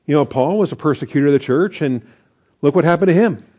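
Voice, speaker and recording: A man's voice: a little high, lively intonation, quick pace, darkish tone, husky. A man preaching a conversational sermon as pastor, with asides and chuckles.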